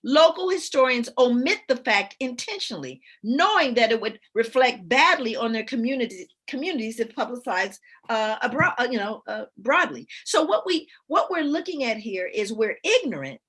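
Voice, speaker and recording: A middle-aged woman speaker and educator in lively conversational talk, telling stories with frequent laughter and reading aloud from books with emphasis. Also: a little high, moderate pace, hardly any pauses, slightly rough. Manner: animated storyteller who laughs often.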